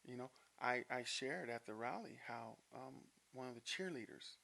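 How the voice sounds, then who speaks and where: A man's voice: medium pitch, normal speed, vocal fry. A man in his fifties from Denver, a podcast guest telling personal stories with frequent laughs. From Denver, Colorado, USA. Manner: animated storyteller, laughs often. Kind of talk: podcast storytelling.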